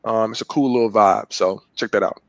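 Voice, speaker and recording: A man's voice: fairly low pitch, steady tone, a little fast, vocal fry, dry recording. A man on a casual podcast, giving enthusiastic recommendations with slang. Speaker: podcast co-host. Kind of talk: casual chat among friends.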